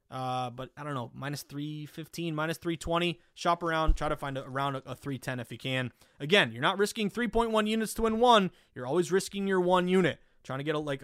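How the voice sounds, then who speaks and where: A man with a Boston accent hosting a solo sports betting podcast, talking energetically with lots of fillers and quick self-corrections. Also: a little high, fairly bright tone, no echo, studio quality.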